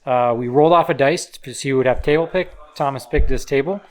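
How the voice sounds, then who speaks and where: A man's voice: medium pitch, a little fast. A man co-hosting a tabletop battle report, casually explaining his army and deployment with many fillers. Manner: laid-back, filler-heavy, explains deployment. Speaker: co-host player.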